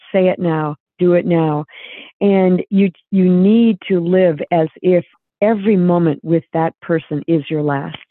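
A woman's voice: on the low side, dry recording. Earnest woman on a tinny phone line. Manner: earnest, reflective, many restarts. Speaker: guest author. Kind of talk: emotional personal storytelling.

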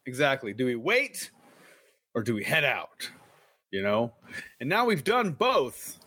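A man's voice: mid-range voice, huge pitch swings, unhurried, bright, forceful tone, breathy edge, no room sound. A man co-hosting a live stream, reading an adventure book aloud with jokey, playful asides. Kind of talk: casual live-stream read-along.

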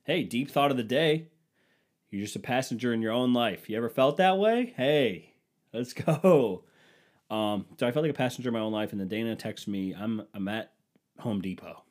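A young man hosting a podcast speaks at a moderate pace in a mid-range voice, telling stories casually. He swears often, and when he retells arguments he gets heated, slipping into profane, animated ranting.

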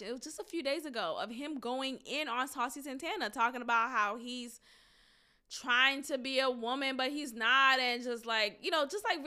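A woman hosting a solo commentary podcast, talking in an emphatic, drawn-out, deliberate way. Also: a little high, sharp tone, clean tone. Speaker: podcast host.

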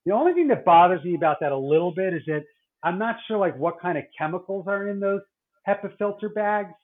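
A middle-aged man who works as a doctor talks in a loose, rambling way, doubling back and restarting his sentences. His voice sits a little high. The sound is thin and boxy, as if it were coming over a phone call. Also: animated, fairly quick. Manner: rambling, many restarts and fillers. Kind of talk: casual podcast chat.

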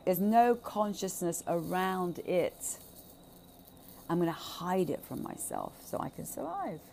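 A woman with a mid-range, gravelly voice full of vocal fry delivers an impassioned monologue about childhood trauma. She drives her points home by repeating short phrases, swears freely, and shifts between loud outbursts and quiet asides, with faint hiss underneath.

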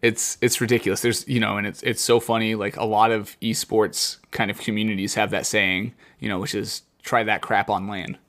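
A man's voice: fairly low pitch, little pitch movement, a little fast, few pauses, a bit bright. Ranting casual podcast man. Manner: ranting, emphatic repetition. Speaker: podcast co-host. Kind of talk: casual chat.

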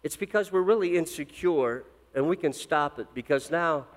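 Middle-aged guy preaching in a big echoey church, kinda high voice, gets loud then drops way low. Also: moderate pace. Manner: dynamic preaching, swinging from loud emphasis to low intense drops. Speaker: pastor. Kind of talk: sermon. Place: church sanctuary. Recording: long reverb of a church hall.

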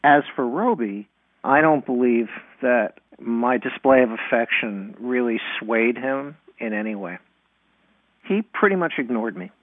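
A man telling a personal childhood story in an animated way, acting out the dialogue. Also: mid-range voice, unhurried, no echo. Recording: tinny phone-like sound.

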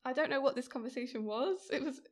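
A woman with a high-pitched voice and a quick pace co-hosts a podcast. She chats casually while recapping a TV episode, laughing often.

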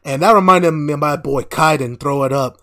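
A man's voice: on the high side, fairly quick. A man co-hosting a podcast, recapping an episode in casual chat, swearing a lot and laughing as he goes. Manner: animated, laughing, heavy swearing. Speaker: podcast co-host.

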